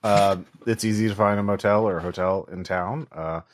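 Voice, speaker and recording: Man, low voice, game master, chatty narration, lots of fillers. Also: fairly even intonation, a little fast. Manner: loose and conversational, many fillers.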